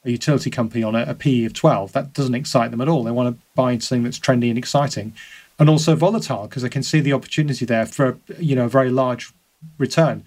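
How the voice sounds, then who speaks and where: A man speaks as a guest on an interview podcast at a brisk clip. His pitch sits in an ordinary middle range, and he works through ideas aloud, stumbling and repeating words as he goes. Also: darkish tone. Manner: thoughtful, repeats words as he thinks. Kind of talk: conversational interview.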